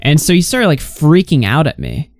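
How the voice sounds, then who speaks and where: A man hosting a casual podcast, telling a story with lively energy and mocking other people's posts. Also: on the high side, moderate pace, creaky, no echo, studio quality. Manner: animated storytelling, mocking others' tweets in put-on voices. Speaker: podcast host.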